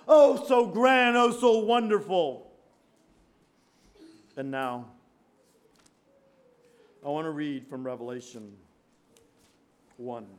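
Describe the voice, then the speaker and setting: A man preaching a fervent sermon, reading scripture and swinging from quiet murmurs to shouted praise. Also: a little high, slow, long pauses. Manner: reads scripture in King James wording.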